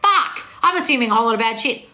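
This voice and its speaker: A woman's voice: a little high, animated, quick pace, pushed and bright. A woman talking as a manifestation coach, blunt, scolding and heavy on swearing. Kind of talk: confrontational coaching monologue.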